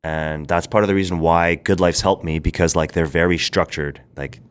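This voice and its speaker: Young man, deep voice, rambling podcast guest, talks in bursts. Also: clear, resonant tone. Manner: rambling, quick bursts, quotes people in animated voices. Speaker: podcast guest, brand founder. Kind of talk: casual interview storytelling.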